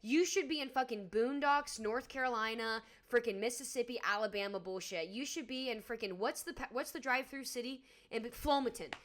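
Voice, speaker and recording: A woman's voice: a little high, a little fast, hardly any pauses, a bit bright. A young woman from Atlanta, co-hosting a podcast, ranting heatedly with lots of swearing in casual chat. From Atlanta, Georgia. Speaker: podcast co-host.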